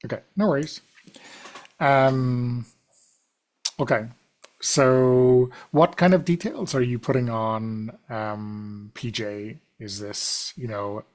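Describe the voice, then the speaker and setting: A man running a tabletop crime game as game master, hesitant, with many pauses and restarts. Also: mid-range voice, fairly even intonation.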